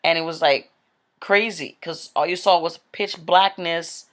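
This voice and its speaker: A woman's voice: fairly low pitch, steady tone, a little slow. A woman giving a casual, rambling spoken testimony about a vision, full of "like" and "um". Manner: chatty, rambling, with frequent "like" and "um". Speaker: Christian speaker telling a vision.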